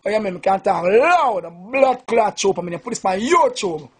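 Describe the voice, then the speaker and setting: A man's voice: sits high, animated, moderate pace, slightly rough. A Jamaican man, a sound system selector, drunk and boasting in a rambling, profane rant to the camera.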